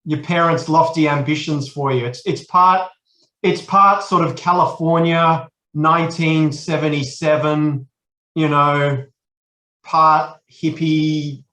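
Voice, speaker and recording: A man's voice: a little high, steady tone, a little slow, sharp tone, echoey room. An Australian man in his forties, a podcast guest, talking casually and rambling with many restarts. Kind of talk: casual chat.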